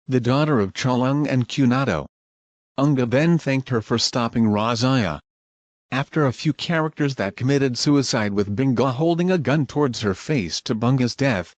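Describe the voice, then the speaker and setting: A man narrating scripted scene recaps in a plain, even manner. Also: medium pitch, dry recording.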